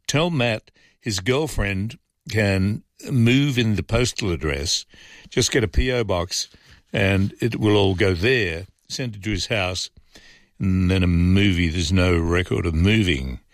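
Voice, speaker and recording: A fill-in host of a talkback radio show, speaking in a low voice, reads listener messages aloud and offers frank, conversational opinions peppered with ums and uhs. The studio sound is clean, with no room echo.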